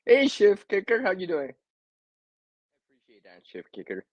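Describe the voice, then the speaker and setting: A man's voice: sits high, huge pitch swings, a little slow, darkish tone, husky, dry recording, highs cut off. Guy chatting on his live stream, laughs a lot, repeats himself, bouncy voice. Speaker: livestream host. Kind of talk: casual live-stream chat.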